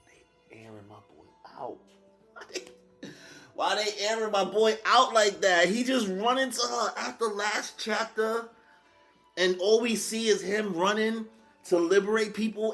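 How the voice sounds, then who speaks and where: A man streaming a live reaction, excitable and slangy, swinging between hype and sorrow. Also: sits high, measured pace, soft background music.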